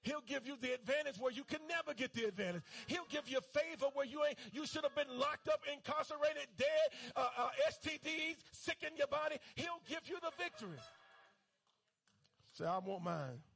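High, gravelly-voiced preacher man. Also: moderate pace, a bit bright. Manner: fervent, call-and-response preaching. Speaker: pastor. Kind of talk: sermon.

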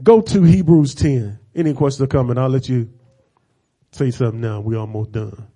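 A middle-aged male preacher delivering a sermon, moving from casual asides to fervent, repeated call-and-response shouting. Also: medium pitch, normal speed, breathy edge. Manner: repeats phrases for emphasis, casual conversational asides.

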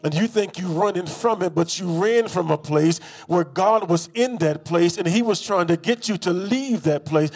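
A man preaching a sermon, leading the congregation in call-and-response with rhythmic repetition and drawn-out, emphatic lines. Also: sits high, husky. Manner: call-and-response, has congregation repeat phrases.

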